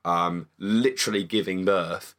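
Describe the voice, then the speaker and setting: Chatty, lower-voiced man. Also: unhurried, a bit bright. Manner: chatty, swears casually, stumbles and repeats words. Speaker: film review podcast co-host. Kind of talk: casual chat.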